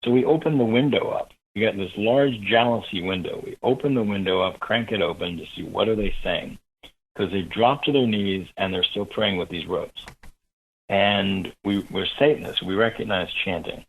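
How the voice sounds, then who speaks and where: Guy w a husky lowish voice telling a story on a radio interview, gets animated. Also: moderate pace, poor audio. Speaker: guest.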